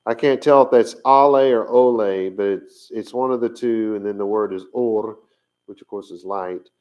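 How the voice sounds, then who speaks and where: A man giving an informal teaching talk on camera, thinking aloud with many pauses and fillers as he searches his notes. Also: lowish voice, darkish tone, lo-fi sound. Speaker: Bible language teacher.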